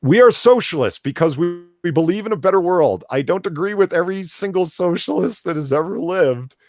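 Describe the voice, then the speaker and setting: A man's voice: high-pitched, lively intonation, a little fast, a little mellow, no room sound. A man co-hosting a comics podcast, reading an article aloud with sarcastic, exasperated commentary. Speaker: podcast co-host.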